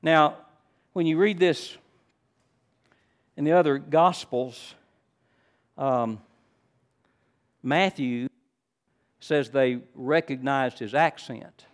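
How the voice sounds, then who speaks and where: An older man preaching a sermon, teaching in a friendly way and rising to loud, emphatic stresses. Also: mid-range voice, very slow, long pauses. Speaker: pastor.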